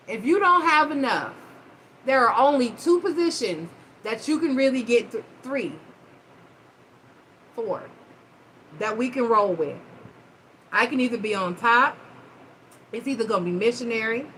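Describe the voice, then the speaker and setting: A woman hosting a live-stream chat, telling stories in a blunt, profane, animated way. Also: a little high, slight background noise, low-quality recording. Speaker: host.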